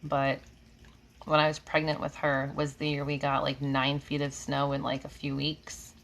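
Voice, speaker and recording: A woman from New York with a slight Southern drawl speaks in a low, gravelly voice. She chats easily with live-stream viewers, answering comments one after another and laughing often. The recording carries a faint hum of room noise. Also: monotone, moderate pace. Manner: chatty, laughs often, drifts between comments. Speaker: reiki healer hosting a live stream. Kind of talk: casual live-stream chat, reading comments. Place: home room with air conditioning.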